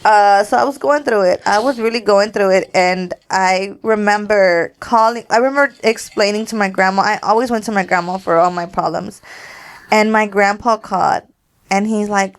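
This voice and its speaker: A woman's voice: mid-range voice, moderate pace. A young woman hosting a podcast. She tells stories in a casual heart-to-heart chat, with plenty of "like" and "dude", and speaks straight to her listeners. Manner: chatty storytelling, lots of "like" and "dude". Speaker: podcast host.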